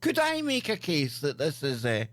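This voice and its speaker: A man's voice: on the high side, wildly swooping pitch, moderate pace, a bit bright, no echo, faint music behind. A man hosting a live stream, riffing crudely and jokily on odd news stories with stammered restarts. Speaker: show host.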